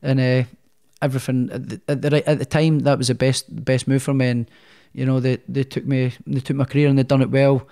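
A man's voice: mid-range voice, flat delivery, fairly quick, hardly any pauses, mellow, clear, resonant tone. A man, a boxer, telling his story as a podcast guest in a chatty, rambling way. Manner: chatty, rambling, many restarts. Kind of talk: casual storytelling in a podcast interview.

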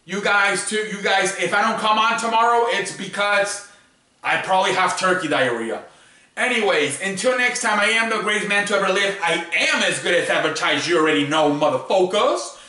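A young man talks through his picks in a loose, rambling, foul-mouthed way. His voice sits high and comes across bright and sharp. He is set back from the mic in a strongly echoing room. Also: animated, moderate pace. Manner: profane, rambling, loose and joking. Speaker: sports show host. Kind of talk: casual solo sports picks talk. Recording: very echoey room, distant mic.

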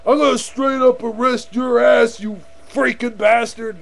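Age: adult. Sex: male. Figure: a gruff cop making an arrest, as a man puts him on. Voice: high, slow and gravelly. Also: fairly even intonation, exaggerated voice. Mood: threatening. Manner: shouting threats.

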